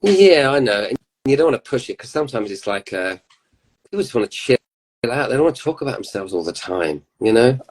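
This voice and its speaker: A man's voice: mid-range voice, sing-song, fairly quick, slightly rough, low-quality recording. A man in his fifties, a musician guest telling rambling anecdotes in casual chat, with laughs.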